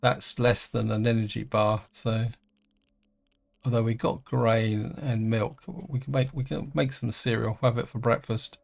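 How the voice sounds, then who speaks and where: A middle-aged man giving casual let's-play commentary, chatty and hesitant, thinking aloud with many pauses. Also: medium pitch, flat delivery, vocal fry. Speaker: gaming channel host.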